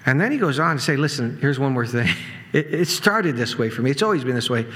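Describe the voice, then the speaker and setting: A man preaching a sermon in a conversational way, with asides and quick laughs. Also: mid-range voice, expressive, fairly bright tone. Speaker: pastor. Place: church sanctuary.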